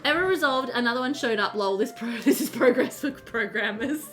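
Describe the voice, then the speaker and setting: A woman chatting casually on a live stream while she plays a game, excitable and full of fillers, answering her chat as she goes. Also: on the high side, brisk, music in the background, crowd noise.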